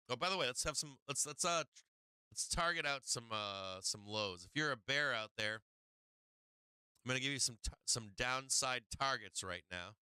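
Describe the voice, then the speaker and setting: Excitable, foul-mouthed man hosting a trading stream. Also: mid-range voice, clear, resonant tone, no echo. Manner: excitable, swears freely, talks to chat. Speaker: stock market livestream host. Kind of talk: casual live trading commentary.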